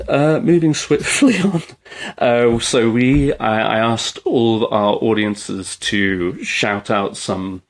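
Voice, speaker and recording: Casual man hosting a solo podcast. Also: fairly low pitch. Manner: casual, candid, swears freely, restarts and fillers. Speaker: podcast host. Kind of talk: solo podcast movie talk.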